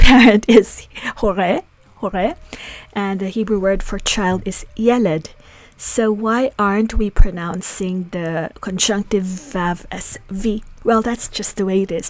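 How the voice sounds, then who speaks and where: Lady teacher going slow thru a lesson, repeats stuff, dead dry sound. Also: medium pitch, darkish tone, no echo. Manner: slow, patient, repeats example phrases. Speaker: language teacher. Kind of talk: language lesson.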